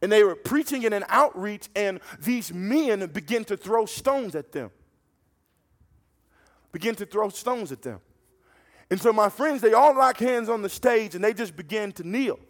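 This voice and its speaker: High-voiced fervent male preacher. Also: animated, a little slow. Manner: fervent, storytelling, repeats words when restarting. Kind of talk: sermon.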